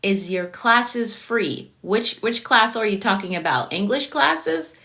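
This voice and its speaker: A bright, clear-toned woman with a Jamaican accent hosts a live stream as a productivity coach. She talks in a loose, chatty way, circles back to the same points and stops to answer viewers' comments. Her pitch sits in the middle range for a woman. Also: expressive, takes it slowly. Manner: chatty, repeats herself, answers comments as they come.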